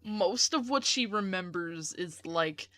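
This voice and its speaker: A woman's voice: fairly low pitch, lively intonation, slow pace, pushed and bright, dry recording. Chatty woman player in a tabletop game. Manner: joking, chatty with fillers. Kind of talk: casual tabletop game chat.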